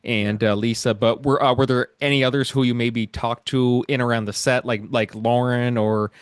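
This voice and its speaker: A man's voice: mid-range voice, fairly even intonation, normal speed, smooth, dry recording, studio quality. A man hosting a casual podcast interview, asking rambling, hesitant follow-up questions. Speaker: podcast host.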